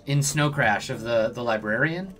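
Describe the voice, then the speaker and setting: A man's voice: mid-range voice, moderate pace, a bit bright. A man streams a game live, reading its text aloud and adding casual, chatty remarks. His voice sits in the middle range, with faint music playing underneath. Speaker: let's play host.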